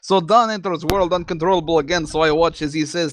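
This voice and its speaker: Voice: mid-range voice, steady tone, fairly quick, a little hiss or hum. A person reading a horror story aloud with sarcastic, profane commentary, stumbling over the clumsy text. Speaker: story reader and co-host.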